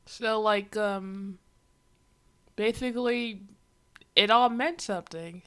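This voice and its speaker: A woman's voice: medium pitch, takes it slowly, fairly bright tone, clean tone. A young woman streaming, giving sarcastic, exasperated reaction commentary.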